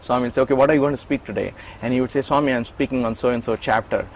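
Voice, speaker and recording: A middle-aged man shares memories in an interview, voicing the people in his story as he goes. He often restarts and repeats words, and a faint hiss sits under his medium-pitched voice. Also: very fast, rough recording. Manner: animated storyteller, acts out quoted lines. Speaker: interview guest, former attendant.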